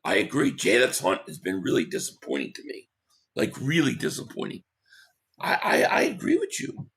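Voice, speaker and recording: A man hosting a casual live stream, hoarse from losing his voice, who reads out viewer comments and gives blunt opinions. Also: mid-range voice, wildly swooping pitch, a bit bright. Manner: opinionated, quick agreement with viewers.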